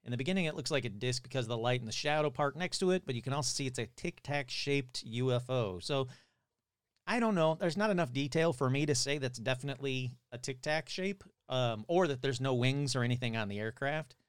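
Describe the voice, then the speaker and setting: A man hosting a casual podcast, chatty and reacting aloud as he watches clips, his voice hoarse and cutting in and out. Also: medium pitch, fairly quick, no echo, studio quality. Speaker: podcast host.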